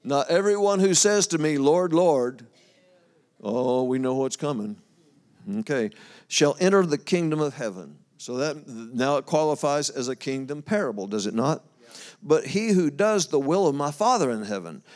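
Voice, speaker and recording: A man's voice: a little high, expressive, normal speed, a little mellow. Folksy man preaching a sermon. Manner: folksy, talks to the congregation, loses his place and laughs. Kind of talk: sermon, reading and explaining scripture.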